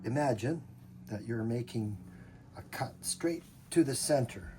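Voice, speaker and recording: An older grandfather coaches a child through cutting vegetables, patient and full of little jokes, his voice rising and falling a lot. Loud noise and knife chopping sit behind him in a home kitchen. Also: medium pitch, animated, unhurried. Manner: patient step-by-step coaching, joking. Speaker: grandfather teaching a child to cook. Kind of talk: home cooking lesson.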